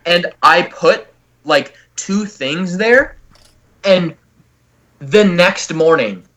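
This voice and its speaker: A man's voice: sits high, lively intonation, extremely slow, a crowd in the background. A young man from California, a guest on a comedy podcast, rambling and swearing as he acts out what happened to him. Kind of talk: casual comedic storytelling.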